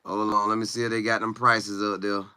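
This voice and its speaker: Lively, bright-voiced man chatting with viewers. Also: on the low side, a little fast, clean tone, no room sound. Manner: animated, chatty, sings and riffs, reads viewer comments aloud. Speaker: sports commentary streamer. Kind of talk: casual live-stream chat.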